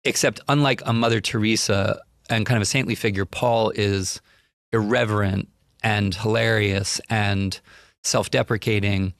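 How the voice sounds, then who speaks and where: Gravelly man telling a wild story. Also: fairly low pitch, dry recording, studio quality. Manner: animated, vivid storyteller who acts out other people. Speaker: guest. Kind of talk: storytelling anecdote on a podcast.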